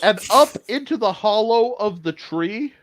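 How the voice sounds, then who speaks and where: A man running a tabletop game as game master, animated and laughing as he narrates. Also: high voice. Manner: animated, laughing, jumps between narration and quick voices.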